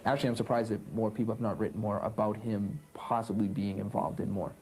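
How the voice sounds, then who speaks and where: Low, mellow man posing questions. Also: little pitch movement, fast, faint music behind, poor audio. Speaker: interviewee. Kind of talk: documentary interview.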